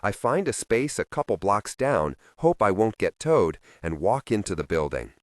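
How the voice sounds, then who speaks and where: Male audiobook narrator, low voice with lively inflection, measured and introspective, dry close sound. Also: no echo. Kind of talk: first-person audiobook narration.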